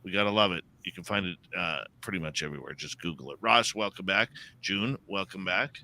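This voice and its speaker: A man's voice: low voice, a little fast, sharp tone. A man hosting a paranormal radio show, chatting casually and reading out announcements. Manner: upbeat, plugs the show.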